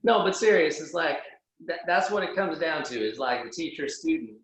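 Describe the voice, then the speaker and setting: A man's voice: a little high, animated, moderate pace, fairly bright tone. A man talking as a guest in a casual interview. He is blunt and profane and fills his speech with "like.". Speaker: podcast guest. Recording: very echoey room.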